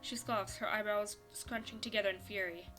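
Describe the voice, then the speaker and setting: A young woman streaming a visual novel, reading the story and her character's lines aloud and breaking into animated, laughing reactions. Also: mid-range voice, normal speed, soft background music. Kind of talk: reading a game script aloud with commentary.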